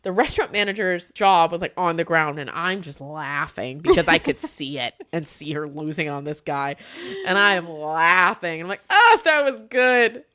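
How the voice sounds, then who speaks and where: A woman's voice: low voice, normal speed. A woman who manages a hotel front desk, telling a story in a casual chat, laughing often and acting out the people she quotes. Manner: animated, laughs often, acts out quoted dialogue.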